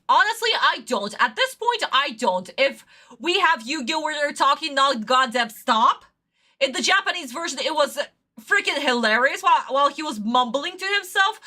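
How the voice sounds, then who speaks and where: A woman's voice: high-pitched, big pitch swings, normal speed, sharp tone. A woman from Russia, ranting in exasperation and swearing while reacting to an anime on a livestream.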